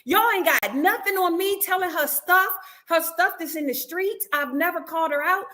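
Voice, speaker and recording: A woman's voice: very high-pitched, moderate pace, bright, forceful tone. A woman guest in a casual interview, telling a story with animation and acting out what others said. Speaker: reality show cast member guest. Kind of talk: casual interview, recounting events.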